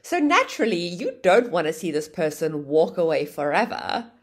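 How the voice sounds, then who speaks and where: A woman teaching an online English grammar lesson, explaining with a lively, sing-song intonation. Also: on the low side, moderate pace, breathy edge.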